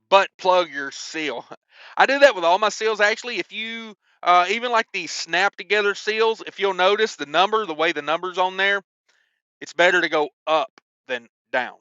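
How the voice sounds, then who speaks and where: Chatty bright-voiced trucker. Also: male voice, high voice, clean tone, no echo, lo-fi sound. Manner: chatty, joking, lots of ums and asides. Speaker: owner-operator trucker. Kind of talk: casual vlog storytelling.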